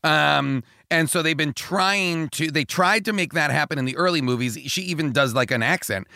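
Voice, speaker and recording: A man's voice: fairly high pitch, normal speed, creaky, pushed and bright, no room sound, clean studio sound. A man, a comedian guest on a podcast, eagerly explaining in casual chat and often restarting his phrases.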